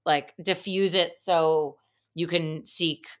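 A woman's voice: sits low, fairly even intonation, slow pace. A woman co-hosting a podcast, talking in a thoughtful, analytical way about relationships. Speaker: podcast co-host. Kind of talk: casual chat.

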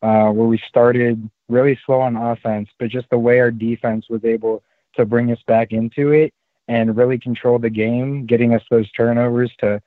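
A man from the Orlando area calling in to a sports podcast, giving a casual, measured breakdown of the game. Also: mid-range voice, flat delivery, no room sound. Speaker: caller. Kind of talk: phone call-in. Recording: tinny phone line.

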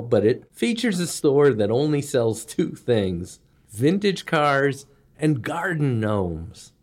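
A man's voice: medium pitch, very animated, takes it slowly, a little mellow. A man telling a comedic story in a wry, self-deprecating way.

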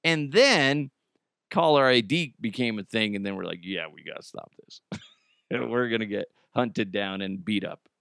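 A man's voice: mid-range voice, moderate pace, vocal fry, a bit bright, no room sound, clean studio sound. A man hosting a podcast in casual comic chat, joking and slipping into silly put-on voices. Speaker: podcast host.

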